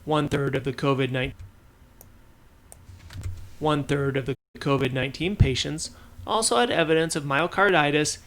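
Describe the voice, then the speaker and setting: A man's voice: fairly high pitch, moderate pace, pauses often, a bit bright. A man reading medical research news for a podcast, often stumbling and restarting on technical terms. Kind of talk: reading science news script.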